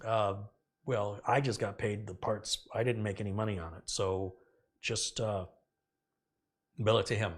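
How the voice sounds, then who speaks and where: A man's voice: fairly low pitch, measured pace, pauses often. Man animatedly retelling a story. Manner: animated, acts out quoted dialogue, indignant. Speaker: host. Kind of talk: casual storytelling to a live audience.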